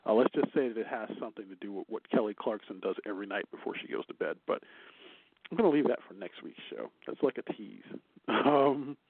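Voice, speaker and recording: A man's voice: on the low side, brisk, husky, no room sound. A man co-hosting a casual news chat show, chatty and teasing, laughing often. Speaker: co-host. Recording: dry, tinny phone-like line.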